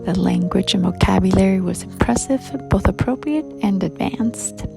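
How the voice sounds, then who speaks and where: Gravelly-voiced woman praising a story. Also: medium pitch, moderate pace, over music. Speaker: contest judge. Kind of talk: spoken feedback on stories.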